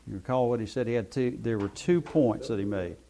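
A man's voice: medium pitch, brisk, mellow, a little hiss or hum. A man leading a Bible study class, explaining at length with many hesitant fillers. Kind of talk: classroom teaching.

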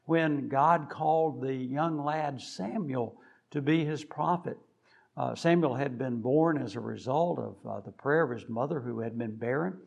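A man preaching a sermon, deliberate and measured with frequent pauses, building to emphatic rises on key points. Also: medium pitch, gravelly, darkish tone, muffled recording.

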